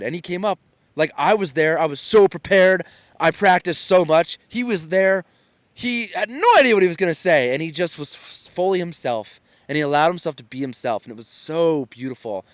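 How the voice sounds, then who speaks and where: A man's voice: on the high side, normal speed, dry recording. A man in his thirties hosting his own show in a casual solo monologue, earnest and encouraging, often restarting his sentences. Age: 30s. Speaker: podcast host and storytelling coach.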